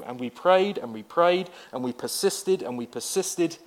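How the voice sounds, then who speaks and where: A man's voice: fairly high pitch, lively intonation, normal speed, hardly any pauses. Man preaching a conversational sermon. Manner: conversational storytelling with wry asides. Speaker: pastor.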